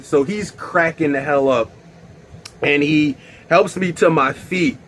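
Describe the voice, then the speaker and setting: A young man telling a wild story on his vlog in a casual, animated way, swearing and bursting into loud exclaims. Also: on the high side, takes it slowly, a little hiss or hum. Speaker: vlogger.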